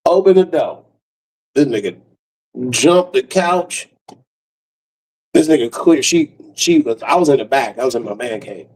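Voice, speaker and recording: Brief: a man doing loose, profane comic storytelling with a mellow tone, recorded a bit off-mic. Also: medium pitch, husky, distant mic, rough recording. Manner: loose, profane and laughing, with frequent restarts. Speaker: comedian.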